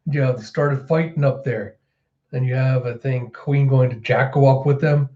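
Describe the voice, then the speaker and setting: Guy recapping a manga chapter, acting out bits, warm low-key voice, kinda dull mic. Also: steady tone, normal speed. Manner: retells scenes and acts out lines. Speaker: manga reviewer. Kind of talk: casual reaction commentary.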